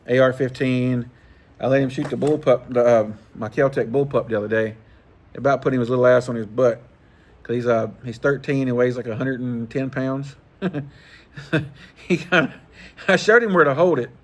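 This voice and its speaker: A middle-aged man, chatting casually and profanely about fishing gear. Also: medium pitch. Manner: rambling, profane, laid-back, chuckling. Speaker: fishing channel host. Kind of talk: casual vlog chat.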